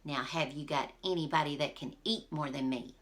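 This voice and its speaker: A woman's voice: sits low, normal speed, fairly bright tone. A woman voicing a scheming old witch who keeps making bets, in a storybook read-aloud. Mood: challenging.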